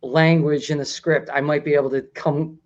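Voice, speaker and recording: This casual talk show is hosted by a man whose fairly high voice holds a level tone at a moderate pace, though he often drifts off-topic and breaks into laughs. Slightly dull, lo-fi recording.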